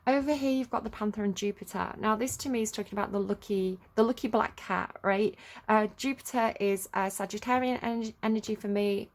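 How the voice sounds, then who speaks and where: Rambling, gravelly-voiced woman tarot reader. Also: mid-range voice, brisk. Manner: chatty, rambling, many fillers. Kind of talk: casual tarot reading monologue.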